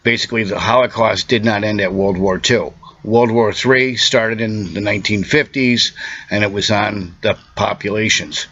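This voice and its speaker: A man talking straight to the camera in an urgent, insistent monologue, lecturing the listener and halting often with fillers. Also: lowish voice, a bit bright, dull audio. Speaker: self-made video speaker.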